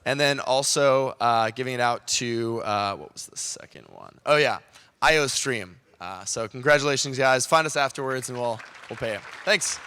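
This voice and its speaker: A man's voice: medium pitch, normal speed, sharp tone, clean tone. A man announcing sponsor prizes to a crowd, hesitant and full of fillers. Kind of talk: speech to a crowd.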